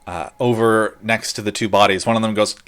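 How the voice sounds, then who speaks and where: A man's voice: on the low side, a bit bright, clean tone. Filler-heavy game master man. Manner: loose, filler-heavy narration with quick bursts. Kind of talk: narrating a tabletop game.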